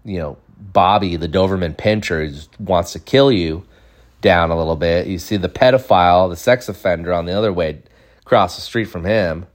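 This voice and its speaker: A man's voice: low-pitched, normal speed. A man in his thirties telling a casual, rambling, jokey story from his childhood, acting out bits of it. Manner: rambling, jokey, acts out voices. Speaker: podcast storyteller.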